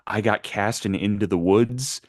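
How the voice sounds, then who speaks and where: A young man in college hosting a casual podcast chat, talking fast and laughing often. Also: lowish voice, darkish tone, dry recording, clean studio sound. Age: young adult. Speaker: podcast host.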